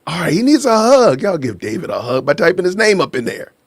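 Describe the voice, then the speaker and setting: A man's voice: on the high side, very animated, fairly quick, no room sound. A man from Illinois hosting a casual live stream, joking, laughing often and greeting his chat. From Illinois, USA. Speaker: livestream host. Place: lives in Georgia, USA.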